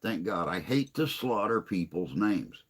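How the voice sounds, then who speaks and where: A man's voice: low voice, animated, unhurried, fairly bright tone. An older man hosting a casual livestream chat, reading viewer comments aloud in a rambling, self-deprecating way.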